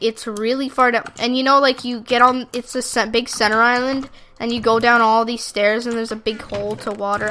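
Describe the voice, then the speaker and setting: A woman rambles through live gameplay commentary in a bright, sharp voice that sits a little high. She flits between chatting to her viewers and heckling opponents, with faint clicking from a keyboard behind her. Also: slight background noise. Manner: rambling, excitable, talks to the audience and at opponents. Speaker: gaming YouTuber.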